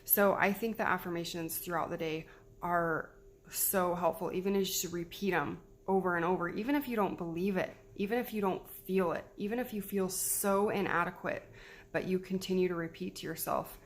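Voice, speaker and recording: Mom in her 30s chatting to camera, encouraging, lowish voice, a bit of hum behind. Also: fairly even intonation, normal speed. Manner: chatty, encouraging, repeats herself. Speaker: mom giving self-care tips. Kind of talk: casual talk to camera.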